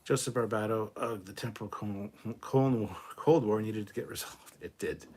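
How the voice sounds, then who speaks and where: A man hosting a casual livestream, reading viewer comments aloud and answering them in a relaxed, off-the-cuff way, swearing freely. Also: fairly low pitch, moderate pace. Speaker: livestream host reading chat. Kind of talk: casual live chat.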